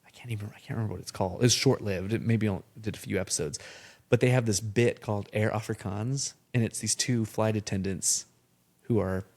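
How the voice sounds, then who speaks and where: A man hosting a podcast in casual, animated conversation, sometimes slipping into playful accent impressions. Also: on the low side, fairly quick. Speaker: podcast host.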